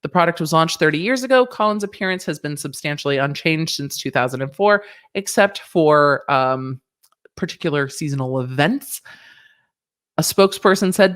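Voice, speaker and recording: A woman's voice: deep voice, lively intonation, moderate pace. A woman lawyer, giving sassy, playful reaction commentary on a news story, close to a desk mic. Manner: sassy, playful, chatty with asides.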